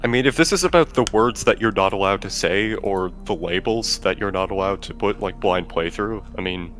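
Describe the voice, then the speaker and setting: A man's voice: deep voice, a little fast, fairly bright tone. A man, a guest developer, chatting casually and explaining his solo project with easy fillers. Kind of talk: casual chat.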